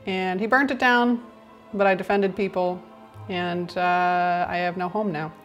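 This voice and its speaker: A woman playing a half-orc character at a tabletop game, blunt and quick to laugh. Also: fairly low pitch, fairly even intonation, soft background music. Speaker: player.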